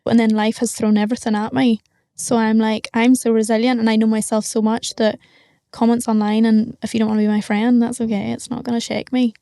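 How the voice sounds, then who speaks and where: A woman's voice: a little high, flat delivery, fairly quick, creaky, hardly any pauses, dark tone, dry recording. Blunt young Northern Irish woman. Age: young adult. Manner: blunt, matter-of-fact, frank. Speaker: guest. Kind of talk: candid interview talk.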